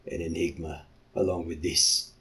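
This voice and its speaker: A man voicing a bewildered giant warrior with a leopard head, who speaks in a low, slow mutter. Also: flat delivery, sharp tone.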